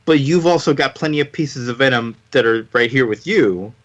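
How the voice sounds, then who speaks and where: Man with a mid-pitched voice, relaxed comic-book recap, filler words, playful retelling. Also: normal speed, dull audio. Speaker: podcast co-host. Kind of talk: casual comics discussion.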